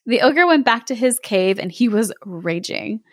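A woman's voice: a little high, expressive, moderate pace, no echo, studio quality. A young woman co-hosting a podcast, reading a fairy tale aloud with playful banter and frequent laughs. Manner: playful, laughs often between lines.

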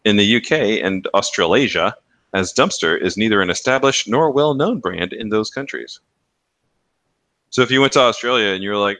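A man's voice: lowish voice, expressive, a little fast, a bit bright, no room sound. A man co-hosting a podcast, chatting casually, rambling and swearing, laughing at his own jokes. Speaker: podcast co-host. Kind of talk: casual banter.

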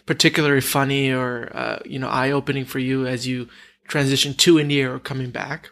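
A man's voice: medium pitch, flat delivery, fairly quick, a bit bright. A man hosting a casual interview, asking encouraging open questions with some restarts.

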